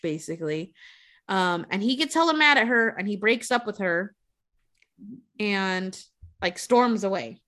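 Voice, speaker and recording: A woman's voice: medium pitch, unhurried. A woman casually retelling a movie plot with frequent swearing, acting out the characters' lines. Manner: profane, animated retelling with quoted voices.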